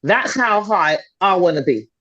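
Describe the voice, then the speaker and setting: Emphatic middle-aged woman, husky-toned. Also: on the low side, expressive, a little slow, a bit bright. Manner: emphatic and persuasive, repeats points for stress. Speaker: guest, fitness and confidence coach. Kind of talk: motivational conversational talk. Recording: dull, slightly lo-fi podcast audio.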